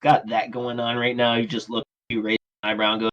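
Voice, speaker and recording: A man running a tabletop game as game master, narrating casually and often pausing on fillers. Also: mid-range voice, monotone, fairly bright tone, dull audio. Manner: casual, halting, many fillers.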